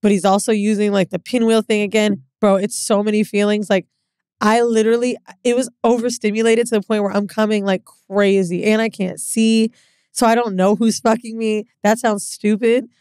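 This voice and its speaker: Her voice is smooth and medium-pitched, moving at a moderate pace with no room sound: a young woman co-hosting a podcast. She tells a candid story in easygoing chat, acting out each quote with animation.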